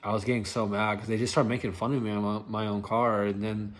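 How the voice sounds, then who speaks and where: Rambling young man, fairly low voice. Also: flat delivery, fast talker. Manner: rambling, filler-heavy, lots of "like". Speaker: rideshare driver telling stories. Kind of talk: casual storytelling vlog.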